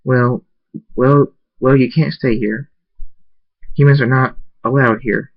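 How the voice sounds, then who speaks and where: A man's voice: mid-range voice, steady tone, takes it slowly, vocal fry, husky, voice pushed up, full character voice. A man voicing a stern female pony princess in a formal, reproachful tone, barely changing from his own voice. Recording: dull lo-fi recording.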